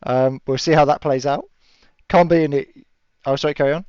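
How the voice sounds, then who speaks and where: Game master with a smooth voice. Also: male voice, fairly high pitch, fairly even intonation, a little fast, darkish tone, no echo. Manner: casual, laughing asides, hesitant fillers. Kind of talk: narrating a tabletop game. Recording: dull lo-fi audio with a dry sound.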